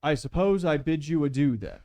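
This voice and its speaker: Guy putting on a fancy gentleman villain, super polite and dramatic, voice swoops up and down a lot. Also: a little high, big pitch swings, a little fast, voice pushed up. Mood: dismissive. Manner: formal, courteous, grandly polite.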